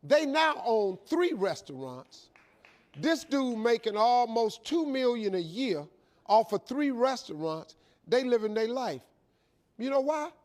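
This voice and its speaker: A man's voice: very high voice, big pitch swings, slow pace. A middle-aged man telling a folksy, emphatic, preacher-like story to a live audience as a motivational speaker.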